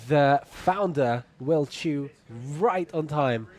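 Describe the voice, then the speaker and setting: A man's voice: fairly high pitch, takes it slowly, darkish tone. A man giving live motorsport commentary in a polite, wry manner as he wraps up his shift. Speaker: race commentator. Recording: faint ambient noise.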